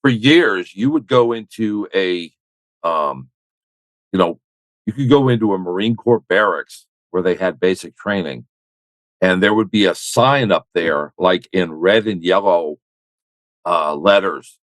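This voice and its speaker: A man's voice: low-pitched, slow pace, long pauses, a bit bright, no echo, low-quality recording. An older man, a military veteran, telling a long story in a rambling, wry, self-correcting way. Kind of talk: conversational storytelling.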